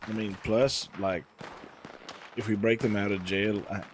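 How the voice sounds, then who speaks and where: Low-voiced man in rambling roleplay chat. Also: fairly even intonation, a little slow, slight background noise. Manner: rambling, filler-heavy storytelling. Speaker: streamer roleplaying an outlaw. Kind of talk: casual in-character chat.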